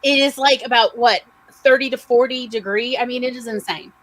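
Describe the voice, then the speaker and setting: A chatty woman with a Southern American accent co-hosts a casual livestream, reading viewers' comments aloud and adding her own asides. Her voice sits a little high for a woman. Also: normal speed, low-quality recording. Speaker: podcast co-host.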